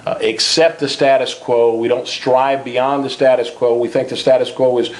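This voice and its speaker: A man's voice: mid-range voice, level tone, moderate pace. A man being interviewed as the author of a finance book, talking earnestly and sometimes repeating a word as he starts a thought. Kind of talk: interview about personal finance.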